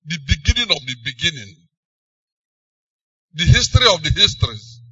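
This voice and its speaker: A man with a Nigerian accent preaching a sermon, emphatic, swinging between loud and soft phrases. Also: a little high, sing-song, moderate pace, slightly rough, no room sound, distant mic, dull audio.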